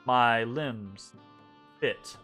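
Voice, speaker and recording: A man voicing a proud, gruff male lizardfolk who speaks slowly in clipped, formal sentences. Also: medium pitch, sharp tone, faint music behind, voice pushed down. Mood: stiff. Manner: slow, clipped, formal speech.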